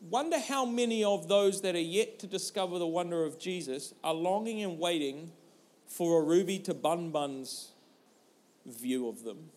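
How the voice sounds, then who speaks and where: A man in his thirties, a pastor preaching a sermon through an animated, humorous personal story. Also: fairly high pitch.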